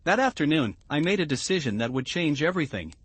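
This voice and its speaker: Man, story narration, measured and even, fairly high voice, dry close sound. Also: breathy edge, dry recording. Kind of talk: scripted first-person story narration.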